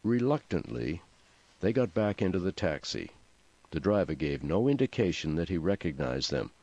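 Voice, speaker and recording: A man narrates a comic novel in a deep, low voice with a dry, even delivery. The recording is dry and slightly dull. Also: normal speed, dry recording. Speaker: audiobook narrator. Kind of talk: scripted narration.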